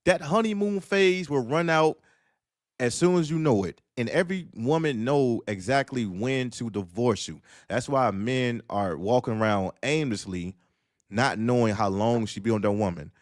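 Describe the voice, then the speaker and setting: A blunt, profane man on a casual streamed panel, preaching and spinning stories with a salty edge. His voice sits at an ordinary middle pitch. The mic is dry and close, with no room sound. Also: normal speed, no echo.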